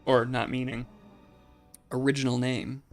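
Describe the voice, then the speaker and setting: A man with a gravelly, fry-laced voice gives casual commentary on a game he is playing. He muses aloud in a rambling way, peppered with "like" and small laughs. Faint game music sits behind him. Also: medium pitch, flat delivery, a little slow. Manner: chatty and musing, many "like"s, laughs often. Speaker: let's play host.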